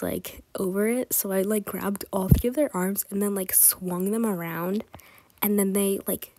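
A young woman casually rambling about school memories over her drawing video, half whispering, giggling, with lots of fillers. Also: mid-range voice. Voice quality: soft, partly whispered delivery. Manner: giggly, filler-heavy storytelling. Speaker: art vlogger.

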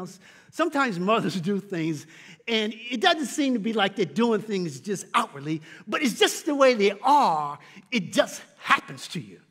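A middle-aged man preaches from the pulpit, his pitch leaping and falling with wide expression. He builds to shouts, then drops to hushed, low lines. His voice is high for a man, and a long church-hall reverb trails after it. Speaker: pastor. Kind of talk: sermon. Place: church sanctuary.

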